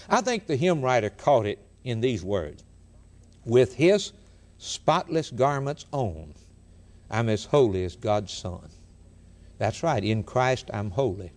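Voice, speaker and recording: Male preacher, sermon delivery, animated pitch, repeats phrases, earnest build and drop. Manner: earnest preaching, rising to emphatic peaks and dropping low on key lines.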